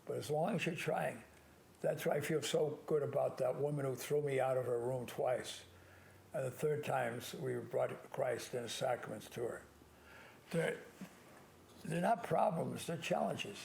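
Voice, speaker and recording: An older man, a priest hosting a call-in show alone, giving earnest advice and slowly stressing key words. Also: mid-range voice, vocal fry, darkish tone.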